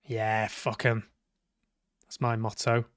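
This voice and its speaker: A man's voice: lowish voice, monotone, slow, dry recording, studio quality. A man giving sweary, sarcastic live commentary on a game he is playing, talking back at the characters. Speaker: game streamer. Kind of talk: live let's-play commentary.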